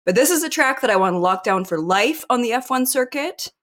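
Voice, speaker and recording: A woman's voice: a little high, animated, brisk, a bit bright. Enthusiastic woman podcast co-host. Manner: enthusiastic, joking. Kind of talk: casual podcast banter.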